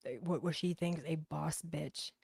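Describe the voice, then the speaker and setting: Brash Boston woman streamer, deep voice with fry, cursing casual talk. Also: fairly even intonation, a little slow, a little mellow, dry recording. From Boston, USA. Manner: blunt, profane, chatty. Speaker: livestream host. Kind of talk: casual livestream chat, reading comments.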